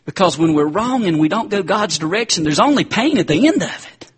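A man's voice: high voice, expressive, a little fast, husky. A man preacher giving a conversational sermon and often calling his listeners "guys.". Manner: conversational, addresses the crowd as guys.

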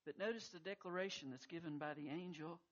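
A man's voice: fairly high pitch, quick pace, lo-fi sound. A man preaching a sermon, telling a scripture story with emphatic surges of intensity. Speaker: pastor.

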